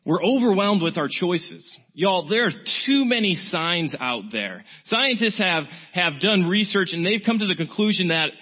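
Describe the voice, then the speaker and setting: Guy preaching, animated, pokes fun at himself, dull lo-fi audio. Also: high voice, normal speed, few pauses. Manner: animated, self-mocking storyteller. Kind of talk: sermon with storytelling. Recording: dull, muffled sound.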